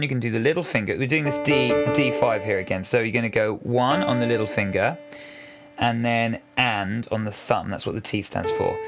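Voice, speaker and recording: A man giving a casual, patient piano lesson, counting beats aloud as he explains the fingering. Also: medium pitch. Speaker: piano teacher. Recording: piano music loud under voice. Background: piano playing.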